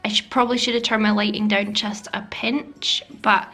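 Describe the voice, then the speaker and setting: A woman's voice: medium pitch, fairly even intonation, moderate pace, bright, forceful tone. A woman narrating a makeup tutorial voice-over, chatty and self-deprecating, sometimes dropping to a whisper. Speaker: beauty vlogger. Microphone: voice-over mic.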